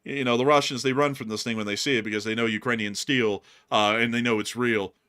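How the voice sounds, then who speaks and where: A man's voice: mid-range voice, fast talker, clean tone. A man co-hosting a casual news commentary stream, joking over war video clips and slipping into silly voices. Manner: animated, jokey, bursts into silly voices and laughs.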